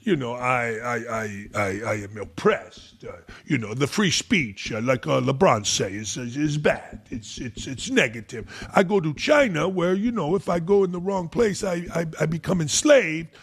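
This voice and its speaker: A man putting on a mocking impression of a boastful, crude French basketball star, with a fake French accent and a halting, stammering delivery. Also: fairly high pitch, lively intonation, slightly rough. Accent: put-on French.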